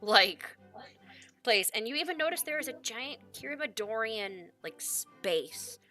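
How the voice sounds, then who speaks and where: Bright-voiced woman game master. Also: a little high, animated, measured pace, faint music behind. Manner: casual, descriptive, many "like" fillers. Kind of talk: narrating a tabletop game.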